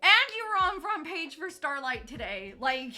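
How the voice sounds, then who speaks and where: Bubbly high-voiced young woman streamer. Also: big pitch swings, normal speed, pushed and bright, soft background music. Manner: bubbly and gushing, laughs often. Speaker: live streamer. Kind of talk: casual live-stream chat with viewers.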